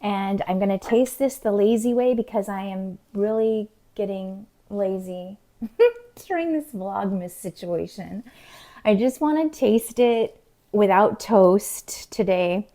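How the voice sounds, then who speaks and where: A middle-aged woman chatting casually to camera in her home kitchen, talking to herself and dropping into soft whispered asides. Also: medium pitch, slow. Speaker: vlogger.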